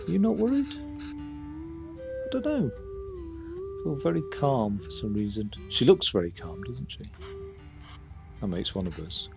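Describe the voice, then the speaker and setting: A man streaming a game live, reading the characters' lines aloud and commenting between them. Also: medium pitch.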